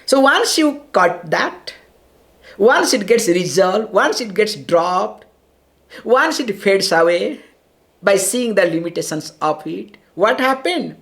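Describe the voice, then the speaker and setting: A woman giving a spiritual discourse on scripture. She explains patiently, answers her own rhetorical questions, and chants Sanskrit lines quickly. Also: medium pitch, lively intonation, fairly bright tone. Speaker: spiritual teacher.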